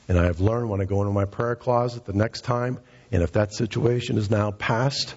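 A middle-aged man preaching a fervent sermon, his voice climbing to high, emphatic peaks. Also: a little mellow, breathy edge, lo-fi sound. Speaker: pastor.

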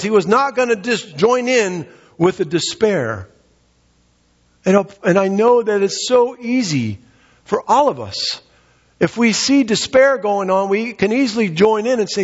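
A man's voice: high-pitched, very animated, moderate pace, breathy edge. A man preaching a sermon, reading a scripture passage aloud and explaining it earnestly. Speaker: pastor. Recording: dull lo-fi sound with long hall reverb.

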